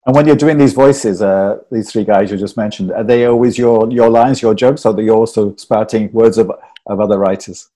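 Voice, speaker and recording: Mellow low-voiced podcast host. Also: male voice, normal speed. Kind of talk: interview questions.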